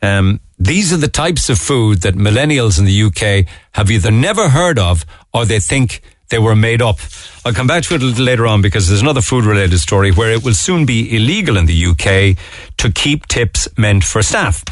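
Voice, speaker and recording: A man hosts a morning radio show in a low, relaxed voice. He rambles from story to story with jokey asides. The studio sound is dry and close. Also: normal speed, no echo. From Ireland. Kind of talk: casual radio chat. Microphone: studio microphone.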